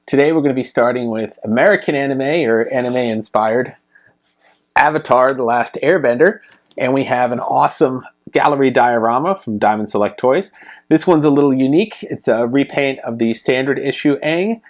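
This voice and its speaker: A man giving a casual unboxing review of a collectible statue, relaxed and full of ums and uhs as he handles it. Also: mid-range voice, normal speed, dull audio. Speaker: toy reviewer.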